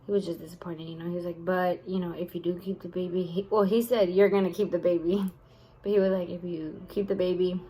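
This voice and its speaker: This vlogger is a young woman whose lowish, warm voice comes through a rough recording. Sounding worn out, she shares a personal story casually, peppered with fillers and curse words.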